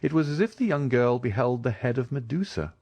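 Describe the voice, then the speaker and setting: A man narrating a classic novel as an audiobook reader, expressive storytelling. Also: medium pitch, brisk, no room sound.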